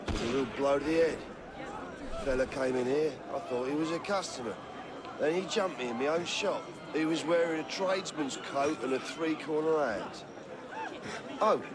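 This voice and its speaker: An actor playing a rattled shopkeeper in a video game, recounting an attack. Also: male voice, a little high, heavy background noise, lightly acted. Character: groggy, rattled male shopkeeper.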